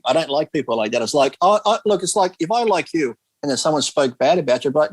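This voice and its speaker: A man's voice: fairly high pitch, animated, fast talker, hardly any pauses, dry recording. A man on a video call, telling rambling stories in casual chat and swearing freely. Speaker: guest.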